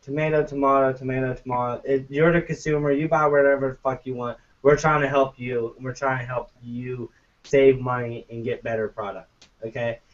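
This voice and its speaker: Speaking at a moderate pace with a level tone and medium pitch, a male podcast co-host rants profanely and casually about gaming. His recording sounds muffled, lo-fi, and distant from the microphone.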